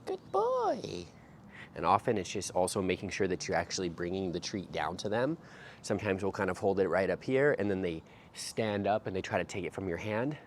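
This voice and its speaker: A man working as a dog trainer, explaining each step aloud outdoors while he drills a puppy, sometimes lifting into high sing-song praise. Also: a little fast, slight background noise.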